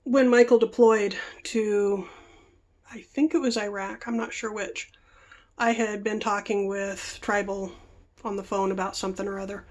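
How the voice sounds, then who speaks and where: A woman's voice: mid-range voice, fairly even intonation, normal speed. A woman vlogger telling stories in a rambling, chatty way, stopping herself mid-thought while she works with her hands. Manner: chatty, self-interrupting. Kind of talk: rambling casual storytelling.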